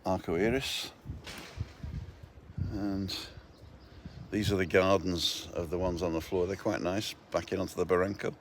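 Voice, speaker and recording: Low-voiced man with a cold, joking. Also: steady tone, unhurried, pauses often, background noise. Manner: jokey, chatty, punning. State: has a cold. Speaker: live-stream vlogger. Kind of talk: casual live-stream tour. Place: outdoors, walking through a residential complex. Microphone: handheld phone.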